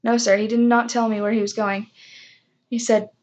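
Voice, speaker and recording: Young woman vlogger, highish voice, chatty storyteller, lo-fi sound. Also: level tone, moderate pace, darkish tone. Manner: chatty, self-mocking, acts out quoted voices. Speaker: vlogger telling a personal story. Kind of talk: casual storytime chat.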